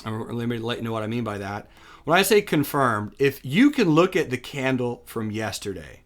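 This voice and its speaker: A young adult man teaching day trading over a screen share, chatty and casual, thinking aloud with fillers and quick self-corrections. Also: mid-range voice, big pitch swings. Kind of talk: screen-share chart lesson.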